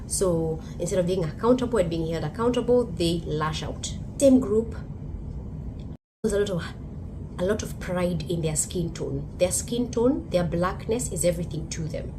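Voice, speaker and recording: A Kenyan woman talks bluntly and with emphasis, in a lowish voice. Her commentary comes with clear background noise under it. She tells stories as she makes her points. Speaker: host. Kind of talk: opinion commentary monologue.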